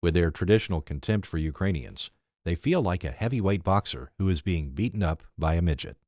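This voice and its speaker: A man reading his own opinion essay aloud in a measured, emphatic way. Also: sits low, expressive, darkish tone, no echo, clean studio sound.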